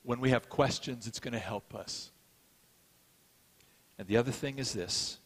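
His medium-pitched voice is fairly bright with a breathy edge, moving at a measured pace. The speaker is a middle-aged pastor giving a sermon in a chatty, story-driven way with self-deprecating asides, echoed by long hall reverb.

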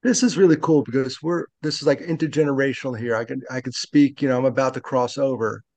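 A man in his late fifties speaks earnestly and reflectively as a podcast guest. His voice has a gravelly edge, and the sound is dry and close. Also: medium pitch, steady tone, fast, a little mellow, no room sound. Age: 50s. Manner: earnest and reflective, speaks openly about loss. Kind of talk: conversational interview.

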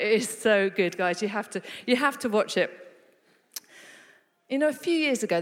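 A woman preaching a sermon, telling stories in an animated way with playful asides to her congregation. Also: mid-range voice. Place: church hall. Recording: reverberant hall.

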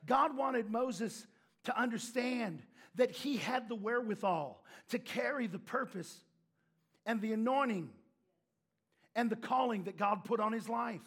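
A male preacher with a very high, husky voice delivers a lively sermon. He tells stories and now and then shouts a line for emphasis. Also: measured pace. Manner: animated storytelling with shouted emphasis and laughs.

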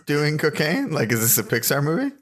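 A man's voice: fairly high pitch, sing-song, brisk, a bit bright. A man hosting a comedy podcast, asking dry, quizzical questions and recapping the bit in casual banter. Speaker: podcast host.

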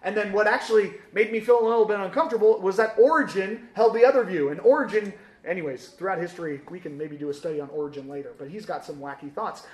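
A man teaching a casual sermon in a church, lively and joking, with many fillers and questions to the room. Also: sits high, fast talker, hardly any pauses, echoey room.

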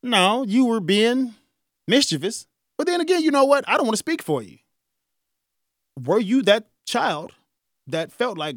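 Lively forties man hosting talk radio. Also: extremely high pitch, unhurried, pauses often, no echo, clean studio sound. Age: 40s. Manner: animated, conversational, chuckles often. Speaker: radio show host. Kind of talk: solo talk radio monologue.

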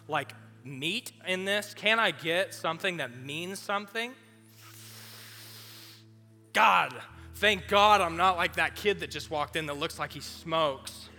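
A man's voice: on the high side, pushed and bright, in a large hall, full character voice. A man acting out a bored, snobbish young churchgoer in a whiny, sneering tone.

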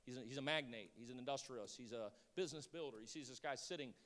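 A man's voice: medium pitch, fast, long reverb tail. A middle-aged man preaching a sermon, telling stories and acting out the people in them. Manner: storytelling, acts out voices, builds to shouting. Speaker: pastor.

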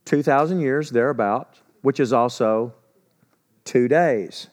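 A pastor with a mid-range voice preaches slowly, in a conversational yet emphatic manner. He asks rhetorical questions and acts out quoted speech in a casual voice.

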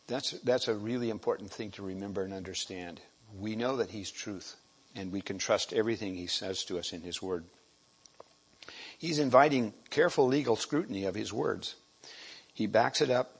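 A man giving a sermon, halting and repeating words, often clearing his throat. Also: on the low side, poor audio. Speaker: lay preacher.

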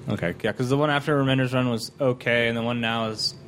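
Male speaker, halting storyteller, casual chat, faint background noise. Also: medium pitch, steady tone, fairly bright tone. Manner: storytelling, stumbling restarts.

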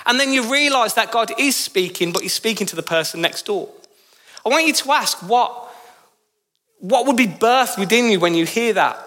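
A male pastor with a Birmingham accent preaching in church, telling stories emphatically and lifting his pitch on key phrases. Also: expressive, moderate pace, bright, forceful tone. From Birmingham, England. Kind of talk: sermon.

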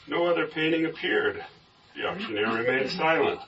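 In a Bible study group, a man reads a story aloud in a steady storytelling voice that is lowish and fairly quick. The recording is made from a distance and sounds dull.

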